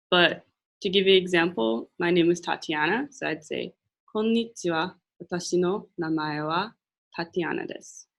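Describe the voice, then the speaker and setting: A young woman presenting a classroom lesson, speaking patiently and repeating phrases slowly for learners. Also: fairly low pitch. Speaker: language and culture presenter. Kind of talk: classroom teaching.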